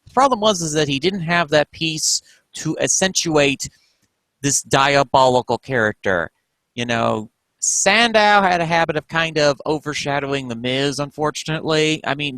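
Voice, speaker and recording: A man's voice: mid-range voice, bright, forceful tone, no echo, rough recording. A man co-hosting a casual wrestling podcast, talking with enthusiasm and breaking things down. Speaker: podcast co-host.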